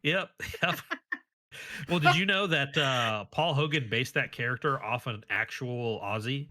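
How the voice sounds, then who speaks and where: Man in his 30s, podcast co-host; bright tone, easygoing, playful anecdotes. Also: medium pitch, unhurried. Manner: chatty storyteller, playful. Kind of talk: casual podcast chat.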